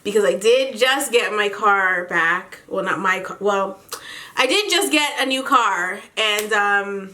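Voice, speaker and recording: A woman's voice: mid-range voice, expressive, unhurried, sharp tone. A young pregnant woman gives a casual update to her viewers. She is slangy and chatty and laughs often. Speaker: vlogger.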